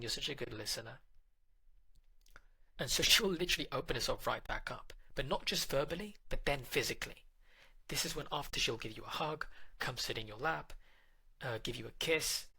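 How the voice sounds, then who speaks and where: Male relationship coach, direct and instructive, bright voice with a husky edge. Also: medium pitch, poor audio. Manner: direct, instructive, addresses the listener. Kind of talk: narrated relationship advice.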